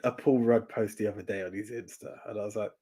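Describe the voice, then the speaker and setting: A man's voice: lowish voice, fast, breathy edge. A man whose first language is Russian, co-hosting a podcast and chatting loosely about movies with many restarts. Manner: lively, rambling, restarts often, laughs a lot. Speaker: podcast co-host. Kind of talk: casual movie chat.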